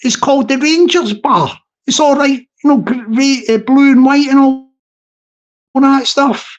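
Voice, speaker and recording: A man's voice: very high-pitched, a little slow, muffled recording. A man chatting casually on a live stream, rambling and repeating himself, laughing at his own jokes. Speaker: livestream host.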